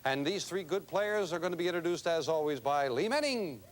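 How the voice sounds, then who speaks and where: A man's voice: a little high, animated, fairly quick, very noisy. A man hosting a TV game show, chatting with contestants in upbeat studio banter. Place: TV studio with audience.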